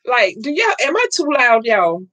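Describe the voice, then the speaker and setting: A woman hosting a live crafting stream from home, loud and excitable, chatting with viewers and laughing often. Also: high-pitched, no echo. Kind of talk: casual live-stream chat, reading viewer comments.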